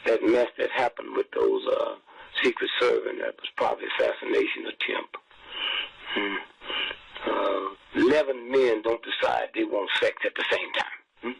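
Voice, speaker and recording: A man's voice: fairly low pitch, lively intonation, moderate pace, gravelly, a bit bright, husky, no room sound, rough recording. An older man speaking as a guest on a call-in radio show, folksy and preachy, often repeating himself. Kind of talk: casual call-in radio talk.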